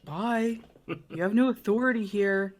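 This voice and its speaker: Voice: medium pitch, a little slow, natural voice. A player voicing an apathetic college art student who talks in a dismissive, grumbling way during a tabletop role-play. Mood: sullen.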